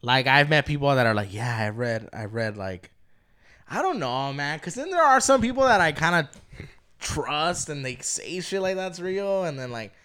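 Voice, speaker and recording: A man's voice: a little high, sing-song, normal speed, sharp tone, clean tone. A man, co-hosting a podcast in casual, rambling chat and swearing freely. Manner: laid-back, rambling storyteller, swears freely. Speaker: podcast co-host.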